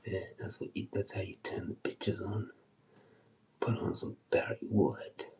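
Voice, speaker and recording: A man talks on a livestream in a loose, rambling way, swearing constantly and dropping into low muttered asides. His voice swings widely up and down in pitch. The tone is dark and mellow rather than bright. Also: wildly swooping pitch, measured pace, creaky, in a whisper, low-quality recording. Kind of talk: rambling casual livestream chat.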